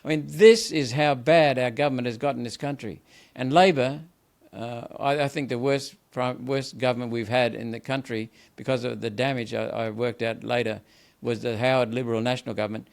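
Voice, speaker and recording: This older Australian man speaks in a rough, gravelly voice. He pushes his arguments with heavy emphasis, stumbles into repeated words, and keeps going without a break. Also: medium pitch, fairly even intonation, brisk, few pauses. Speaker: senator, guest. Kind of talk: impassioned political interview.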